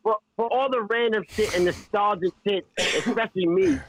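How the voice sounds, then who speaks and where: A man co-hosting a casual podcast, talking in excitable slang with frequent restarts. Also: high voice, moderate pace, low-quality recording. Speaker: podcast co-host.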